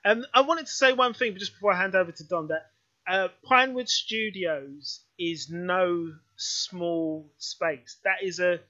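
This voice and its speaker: A male interviewer with a high, bright voice asks brisk, chatty questions. He chips in with short nods of agreement. The sound is muffled and lo-fi. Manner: quick, chatty, short acknowledgements.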